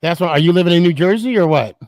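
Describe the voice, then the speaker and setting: A man's voice: high voice, racing, a little mellow, no room sound. A man hosting a live podcast stream, chatting casually and laughing easily. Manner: laughs easily, friendly banter. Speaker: podcast host.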